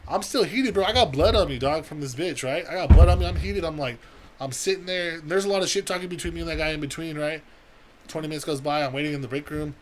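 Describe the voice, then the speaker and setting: A young man with a California accent telling a wild story on a podcast, profane and animated, acting out the quotes. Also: fairly high pitch, fast, noisy background. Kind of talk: casual storytelling.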